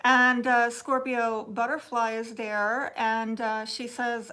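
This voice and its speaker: Bright-voiced Southern woman chatting live. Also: fairly high pitch, flat delivery, takes it slowly, few pauses, clean tone. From Texas. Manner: chatty and teasing, laughs often, drops to soft asides. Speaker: livestream host reading viewer chat. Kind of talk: casual live chat.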